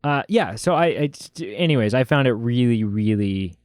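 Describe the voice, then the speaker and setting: Man, Canadian accent, podcast co-host, joking film chat, smooth voice, dry close sound. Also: mid-range voice, expressive, a little mellow, no echo. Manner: joking, acts out quick silly voices. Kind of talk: casual film review chat.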